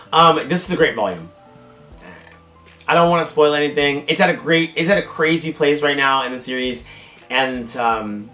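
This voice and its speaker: A man's voice: on the high side, normal speed, pushed and bright. A man in drag, hosting a casual manga haul vlog, gushing and dramatic, calling viewers y'all and baby, his voice strained and wearing out. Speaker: drag queen manga collector, channel host. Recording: echoey room with faint guitar music. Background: faint guitar music.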